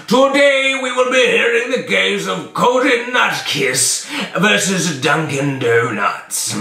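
A man voicing a pompous, bumbling male judge with a gravelly, booming, theatrical delivery. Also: sharp tone, a little hiss or hum, full character voice. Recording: roomy echo.

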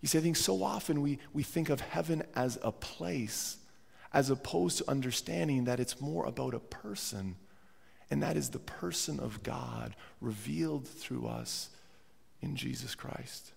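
Male pastor, sermon, has a cold, gravelly voice, earnest, repeats words, long church reverb. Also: medium pitch, measured pace. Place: church sanctuary.

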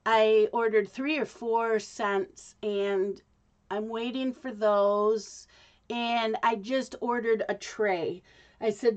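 A woman chats slowly and casually to her viewers, drifting from one thing to the next with plenty of ums and false starts. Her voice sits a little high for a woman. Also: steady tone. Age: adult. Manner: rambling, chatty, with many ums and restarts. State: hiccups. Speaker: craft vlogger. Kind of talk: casual chat to camera.

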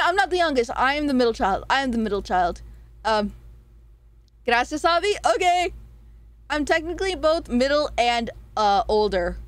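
This woman streamer is casually chatting with her stream while announcing poll results, laughing giddily and swearing without restraint. Her voice jumps between squealing highs and mumbled lows, with no echo in the sound.

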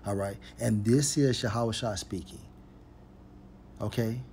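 A man's voice: lowish voice, a little hiss or hum. A man preaching, reading scripture verses aloud and stressing each point with "point blank, period.". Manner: emphatic, repeats "point blank, period", reads verses slowly and forcefully.

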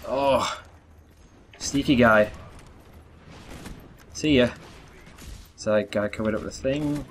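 Faint gunfire and game sounds sit under a little hiss or hum as a young gaming YouTuber commentates live. His voice is medium-pitched and slow, and he addresses viewers while groaning at his misses.

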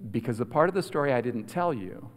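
A man preaching a storytelling sermon, animated and swinging from loud to hushed. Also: medium pitch, fast talker. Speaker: guest preacher. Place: large hall at a school prayer week. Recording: long hall reverb.

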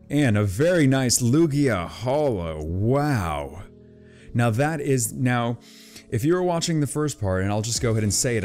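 Low-voiced excitable man opening cards. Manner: chatty, excitable, gushing over pulls. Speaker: card-opening YouTuber. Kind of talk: casual unboxing commentary.

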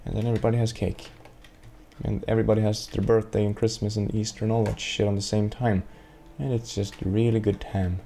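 A man's voice: lowish voice, brisk, dark tone. A man giving sarcastic, rambling gameplay commentary to himself, swearing often, at a desk microphone. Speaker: let's play gamer.

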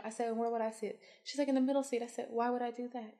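A woman's voice: on the high side, fast talker, warm tone. A young woman co-hosting a podcast, chatting casually and telling stories with blunt, profane humor, acting out the people in them, often laughing. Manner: acts out the other people in her stories, swears freely, laughs a lot. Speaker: podcast co-host. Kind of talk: casual chat, animated storytelling.

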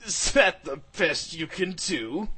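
A man's voice: high voice, very animated, slow pace, a bit bright, breathy edge, voice pushed up, exaggerated voice. A man doing a sneering demon villain. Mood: mocking. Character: mocking male demon villain.

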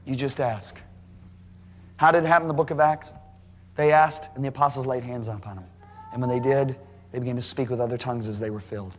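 A man preaching a sermon to a congregation, emphatic and rising to near shouting at high points. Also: fairly even intonation, a little fast, pauses often. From United States. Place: large church hall. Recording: live sermon in a reverberant hall.

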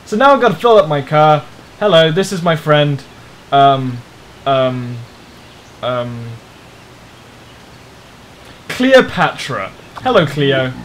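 A man's voice: on the high side, sing-song, takes it slowly, pauses often, fairly bright tone, a little hiss or hum. A man giving rambling, jokey let's play commentary on a driving game, swearing often. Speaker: gamer playing a driving game.

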